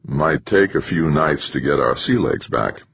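A straight-faced man with dry humor in an audiobook, as the male narrator reads him. He speaks quietly in a very deep, husky voice, and the recording sounds muffled and lo-fi. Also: normal speed, exaggerated voice. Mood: deadpan. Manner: deadpan, serious. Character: dry-humored adult man space traveler, deadpan.

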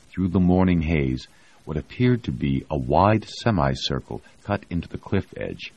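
A man narrating an audiobook in a steady, even way. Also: rumbling low. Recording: dull lo-fi audio.

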